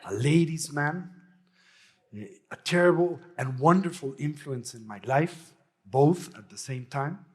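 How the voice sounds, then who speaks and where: A man's voice: on the high side, unhurried, husky. A man from Mexico, a Buddhist teacher giving a dharma talk full of anecdotes and often ending phrases with a questioning "no?".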